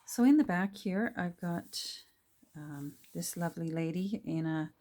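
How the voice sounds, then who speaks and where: A middle-aged woman chatting casually while she crafts, full of fillers and restarts, sometimes dropping to a soft whisper. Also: fairly low pitch, a little slow. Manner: drops to soft whispers when delighted. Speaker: crafting vlogger.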